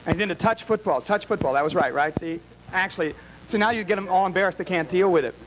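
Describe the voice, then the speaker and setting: Male emcee, high-pitched, campy, teasing, live bar show. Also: quick pace, noisy background. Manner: teasing, wisecracking. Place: small bar with a live audience.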